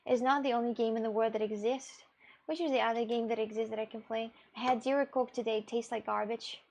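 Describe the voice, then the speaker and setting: A woman's voice: on the high side, steady tone, fast talker, darkish tone, slight background noise. Chatty young woman. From Russia. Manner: chatty and rambling, with gasps and restarts. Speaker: live streamer. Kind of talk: casual stream chat, answering viewers.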